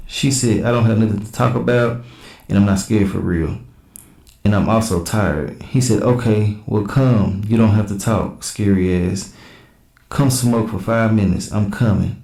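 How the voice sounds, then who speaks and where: A man with a lowish, mellow, gravelly voice runs a casual reaction channel, reading text messages aloud in a plain back-and-forth at an unhurried pace. He interrupts with blunt, slangy comments, and the audio has an echoey room ring.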